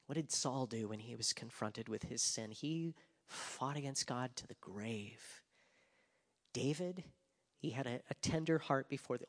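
Heavy hall reverb trails this sermon from a male pastor with a medium-pitched, unhurried voice. He preaches with passion, swinging between loud emphasis and quiet whispers.

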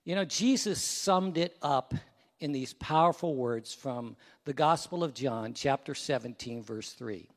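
A man pastor preaching a sermon. He tells stories with loud peaks, then drops to a hushed prayer in a church sanctuary. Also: medium pitch, a little slow, big-room sound.

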